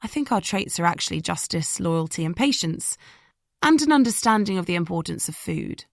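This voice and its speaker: Woman voicing an eager young woman, bubbly, gushing, high and lively, gravelly edge, dry audiobook. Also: moderate pace, no room sound. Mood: sheepish.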